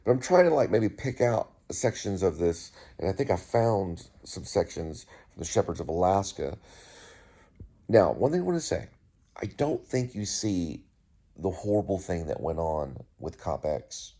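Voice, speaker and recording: A man's voice: deep voice, animated, unhurried, warm tone. A middle-aged man hosting his own show, rambling through a casual monologue with many restarts and asides. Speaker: host.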